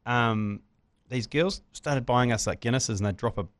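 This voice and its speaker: A man in his forties with a New Zealand accent, hosting a podcast and telling lively, swear-filled stories in casual chat. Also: mid-range voice, moderate pace, no echo. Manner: lively storyteller, swears freely, laughs mid-story. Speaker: podcast host.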